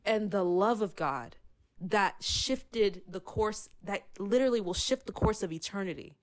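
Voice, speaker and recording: Fervent woman, casual faith chat, emotional, hushed quoted lines. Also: medium pitch, expressive, a little slow. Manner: fervent, emotional, acts out God's words softly.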